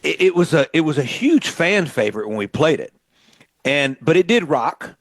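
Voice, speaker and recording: Lebhafter Radiomoderator aus Mississippi. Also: male voice, on the high side, normal speed, dry recording. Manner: animated storyteller, acts out quotes. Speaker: radio host and musician. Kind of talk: storytelling radio chat.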